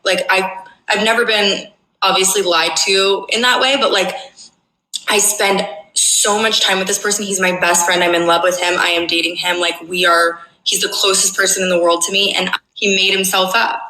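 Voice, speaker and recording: A woman's voice: medium pitch, fairly even intonation, normal speed, pushed and bright, roomy sound, poor audio. A young woman telling a dramatic personal story, emphatic and swearing, often checking in with "okay?". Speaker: storyteller in a played clip.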